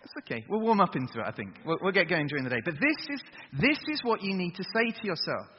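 Husky preacher in a big hall. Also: male voice, sits high, fast talker. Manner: energetic, gets the crowd to chant along. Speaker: youth preacher. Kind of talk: sermon to young people. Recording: dull echoey hall recording.

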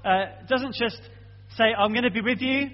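A man preaches with a high voice and an earnest, conversational delivery, often checking in with his listeners. The sound is muffled, and a long reverb hangs behind him as if in a large hall. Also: moderate pace, soft background music. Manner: earnest, conversational, frequent "okay?" check-ins. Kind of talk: sermon.

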